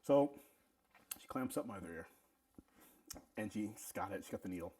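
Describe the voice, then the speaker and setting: A middle-aged man telling a casual story, animated, often stammering and restarting his sentences. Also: fairly low pitch, moderate pace, breathy edge. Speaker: vlog host telling a story.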